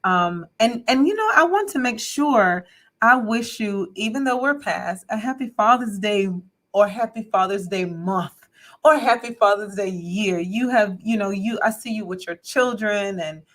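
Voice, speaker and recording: A woman's voice: mid-range voice, expressive, a little slow. A woman hosting a live-stream interview, effusive, repeating her phrases with many fillers. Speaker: host.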